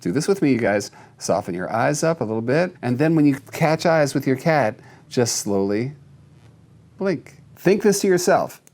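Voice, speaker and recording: A man's voice: medium pitch, big pitch swings, normal speed, darkish tone. A man hosting a casual video, explaining cat care to the camera in a chatty, demonstrative way with loose restarts. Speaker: host giving cat-care advice. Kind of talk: casual instructional talk to camera.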